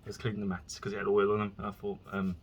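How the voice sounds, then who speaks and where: A man's voice: lowish voice, completely flat delivery, very fast, a little hiss or hum. A man talking in a casual solo monologue, rambling and chatty with frequent restarts as he tells stories. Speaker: vlogger.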